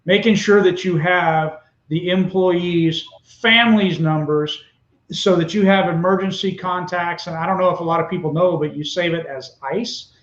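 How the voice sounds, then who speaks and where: A man's voice: high-pitched, fairly even intonation, normal speed, a bit bright. A man hosting a podcast, chatting casually in a supportive, easygoing way. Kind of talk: casual chat. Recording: echoey, muffled room audio.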